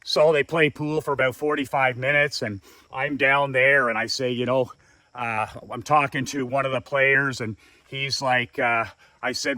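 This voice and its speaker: A man's voice: medium pitch, level tone, normal speed, pushed and bright, no room sound. A man telling a story as a business coach, emphatic and fond of repeating words for effect. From Canada. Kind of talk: casual storytelling.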